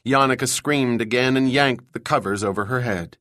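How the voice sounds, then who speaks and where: A man narrating a thriller audiobook in an even, measured storytelling voice. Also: mid-range voice, no room sound, clean studio sound. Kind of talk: scripted narration.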